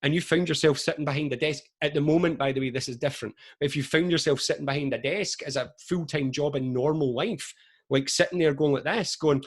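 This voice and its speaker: A man in his forties, a motivational speaker, telling stories to camera on a video call in a chatty, lively way full of asides. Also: on the high side, fairly quick. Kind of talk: energetic motivational talk to camera.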